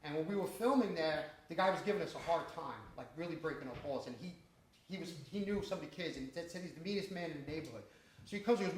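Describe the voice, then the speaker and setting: A man's voice: sits high, a little fast, slight background noise. A man, an independent filmmaker telling profane, laughing stories to an audience after a screening. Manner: profane, laughing, animated storyteller. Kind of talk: casual storytelling Q&A. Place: small cinema screening room with an audience. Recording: echoey room from far off, audience chatter.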